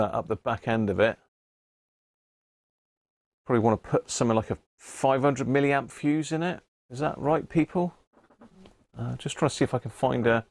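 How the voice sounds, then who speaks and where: The voice is gravelly and medium-pitched, recorded without echo. It belongs to a man hosting an informal radio-hobby live stream who rambles while responding to viewers, reading the chat aloud and frequently restarting.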